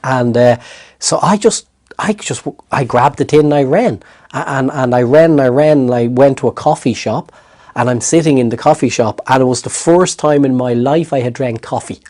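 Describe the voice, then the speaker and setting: A middle-aged Irish man, a therapist, recounting a personal story in an interview with lively restarts. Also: medium pitch, normal speed. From Ireland. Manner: animated storytelling with hesitant restarts. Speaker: guest, therapist.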